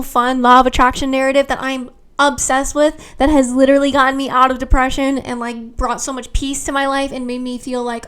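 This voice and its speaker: A young woman vlogging about manifesting, effusive and rambling with lots of fillers, slipping into chanted affirmations. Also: sits high. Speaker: spiritual vlogger. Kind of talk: casual affirmation monologue to camera.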